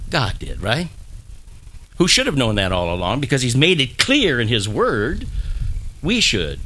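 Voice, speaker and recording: Lively, bright-voiced pastor preaching. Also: male voice, medium pitch. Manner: conversational, repeats phrases, leads the congregation in call-and-response. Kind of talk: sermon.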